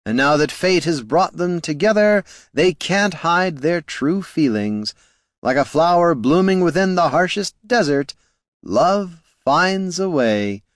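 A man's voice: medium pitch, very animated, normal speed, no echo, clean studio sound, voice pushed up, close to an everyday voice. A man voicing a smug, airy bard. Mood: airy romantic. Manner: airy, sly, sing-song delivery. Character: smug flamboyant male bard, teasing and theatrical.

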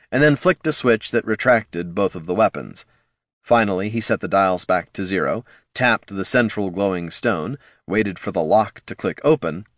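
Low male audiobook narrator, animated delivery, dead dry booth. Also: no echo. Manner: lively, expressive reading.

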